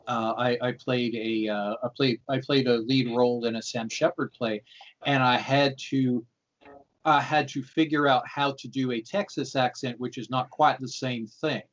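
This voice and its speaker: A man's voice: mid-range voice, fairly even intonation, moderate pace. An American man in his fifties, a guest on a video call, chatting casually and rambling with restarts and laughs. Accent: General American. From United States. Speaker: guest game designer. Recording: slightly dull video call audio.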